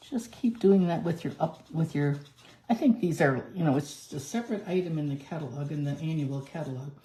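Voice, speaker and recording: Low, mellow woman demonstrating card crafts. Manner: chatty, talks through each step as she works. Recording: echoey room.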